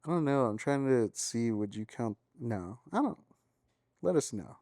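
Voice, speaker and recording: A woman chatting casually as a podcast guest, slow and wandering with hesitant fillers. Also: extremely low pitch, lively intonation, warm tone, dry recording, studio quality. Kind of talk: casual chat.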